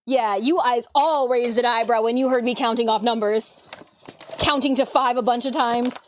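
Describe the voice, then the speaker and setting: A woman's voice: a little high, steady tone, normal speed, a little hiss or hum. A woman from Michigan, a cosplayer streaming as she builds a costume, chatting casually with her viewers, muttering to herself and laughing often. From Michigan, USA. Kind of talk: casual livestream chat while crafting. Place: indoor craft workspace.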